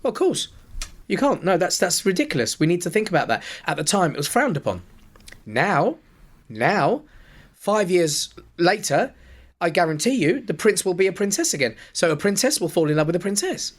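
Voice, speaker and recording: A man, a pantomime performer and podcast guest, telling stage anecdotes in a lively way, acting out the dialogue and laughing as he goes. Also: high voice, normal speed. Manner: animated, acts out dialogue, laughs often. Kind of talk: anecdotal storytelling.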